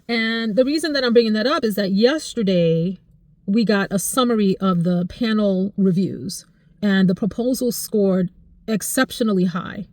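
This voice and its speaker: Expressive woman in her forties, dry close sound. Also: no echo. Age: 40s. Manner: expressive and emotional, voice jumping high in excited retellings. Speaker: vlogger. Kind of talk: casual life chat to camera.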